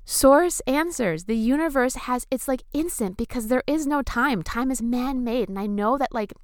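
A woman talking casually and enthusiastically to her viewers about surrender and manifestation, with casual swearing and bursts of excitement. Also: high-pitched, normal speed, dry recording, studio quality. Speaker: spiritual vlogger. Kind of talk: casual spiritual talk to camera.

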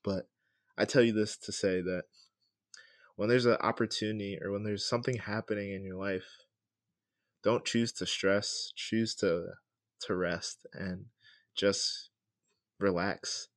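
A man's voice: lowish voice, fairly even intonation, measured pace, long pauses, dry recording, clean studio sound. A young man hosting a solo podcast, telling a personal story in a loose, chatty way and often checking in with the listener. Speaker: podcast host.

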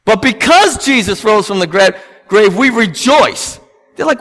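A man in his thirties, a pastor preaching a sermon and telling family stories with lively acted-out dialogue. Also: high-pitched, moderate pace, vocal fry. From United States. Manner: storytelling, animated, acts out family scenes.

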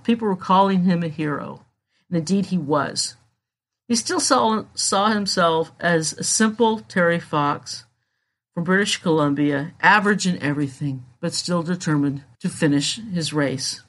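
A narrator telling a true story in a measured, solemn scripted narration. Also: mid-range voice, a bit bright.

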